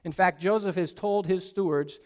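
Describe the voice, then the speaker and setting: A man preaching a sermon, retelling a story in a casual, animated way with asides to his listeners. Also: high voice, normal speed, long reverb tail. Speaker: pastor.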